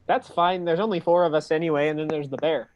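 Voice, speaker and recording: A playful, excitable player in a tabletop game, talking casually about what their character does. The sound is a little dull and lo-fi. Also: mid-range voice, quick pace.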